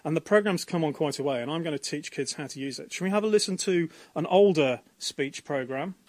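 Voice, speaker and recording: A man's voice: a little high, a little fast, a little mellow, no room sound. A man organising a coding event, talking keenly and explaining in a radio interview on a university campus. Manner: enthusiastic, explanatory, with fillers.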